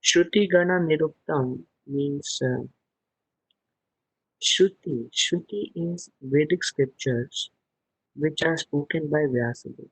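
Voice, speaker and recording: Husky-voiced man teaching scripture. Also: fairly high pitch, takes it slowly, a bit bright, no room sound, rough recording. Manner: explains verses word by word, chanting Sanskrit lines. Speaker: spiritual teacher. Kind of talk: scripture class over video call. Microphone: video call.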